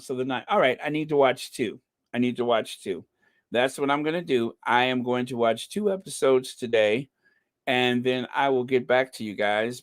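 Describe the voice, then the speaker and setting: A man's voice: mid-range voice, no echo, clean studio sound. A man hosting a casual live stream, greeting viewers by name and chatting with jokey asides.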